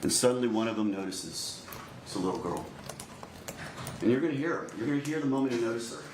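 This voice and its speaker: A male prosecutor delivering a deliberate opening statement to a jury, repeatedly addressing the jurors directly. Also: mid-range voice. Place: courtroom. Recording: echoey courtroom recording, faint noise.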